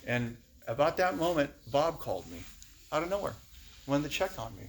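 A man's voice: on the high side, sing-song, moderate pace, slight background noise. A man giving a candid, emotional personal testimony to a recovery meeting, often laughing as he speaks.

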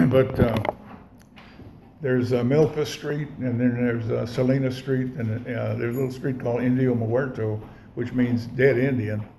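This man speaks unhurriedly in a steady, creaky, dark mid-range voice as he relates his recovery to listeners. The delivery is rambling, folksy and profane, full of restarts. The echoey recording carries a little hiss or hum.

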